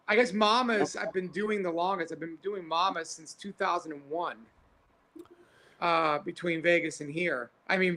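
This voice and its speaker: Brooklyn-raised cabaret guy on a video call, high bright voice, easygoing. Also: poor audio. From Brooklyn, New York. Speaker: cabaret performer, guest. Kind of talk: casual interview answers.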